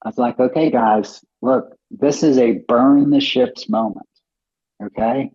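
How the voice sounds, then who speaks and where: A man's voice: medium pitch, unhurried. A middle-aged man, a company co-founder, telling stories in a casual interview and acting out the dialogue he remembers. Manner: animated, acts out quoted dialogue in other voices. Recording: dull lo-fi podcast audio.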